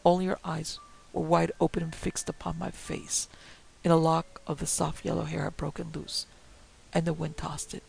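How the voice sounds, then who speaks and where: A man reading a ghost story aloud in a dramatic, hushed way that drops often into whispers. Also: fairly high pitch, completely flat delivery, normal speed, vocal fry, slight background noise, low-quality recording. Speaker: narrator.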